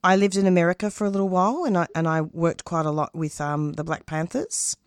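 Low-voiced earnest woman, dry sound. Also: steady tone, clear, resonant tone, no room sound. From Australia. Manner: earnest, passionate, halting with restarts. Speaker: radio producer and host, interview guest. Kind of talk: casual interview talk.

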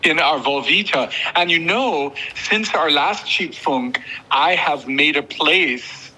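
Slow, teasing radio co-host man. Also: on the high side, bright, forceful tone, a little hiss or hum, poor audio. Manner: teasing, joking. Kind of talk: casual radio chat.

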